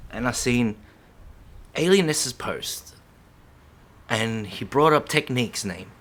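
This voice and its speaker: A man's voice: mid-range voice, normal speed, fairly bright tone. A middle-aged man speaking to camera in an unscripted monologue, heated and profane, full of slang, who keeps checking in with "yeah?". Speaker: vlogger.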